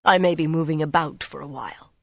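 Narrator doing a hard quiet young guy, soft but harsh, dry dull audio. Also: mid-range voice, fast, gravelly, dry recording. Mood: hard, tense. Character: hard, guarded young man.

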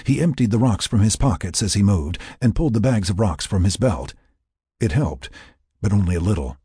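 A man with a low, raspy voice narrates a tense story in a measured way. His delivery moves widely up and down in pitch. The recording is dry and close, with no room sound. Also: lively intonation, dark tone, no room sound. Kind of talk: scripted narration.

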